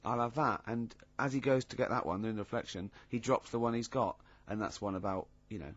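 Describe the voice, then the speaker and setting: A man's voice: medium pitch, a little fast, muffled recording. A man hosting a radio show, joking along in casual studio banter with many restarts.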